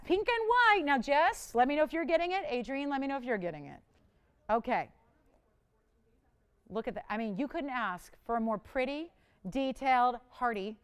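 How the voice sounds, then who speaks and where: Female shopping-channel host, bright and chatty sales patter, slightly higher voice, smooth and clear. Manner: chatty, enthusiastic, talks to callers and crew. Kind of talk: live jewelry sales pitch. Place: TV studio.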